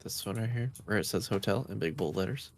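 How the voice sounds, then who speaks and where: A man's voice: fairly low pitch, fast talker. A man chatting casually in a co-op game, laid-back and joking as he directs his teammates. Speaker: gamer. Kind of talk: casual co-op gaming chat.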